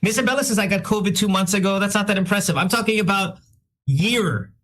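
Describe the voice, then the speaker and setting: A male radio host in casual chat, reading out listener shout-outs with quick self-deprecating asides and a slightly sick-sounding voice. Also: high voice. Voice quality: says he sounds a bit sick.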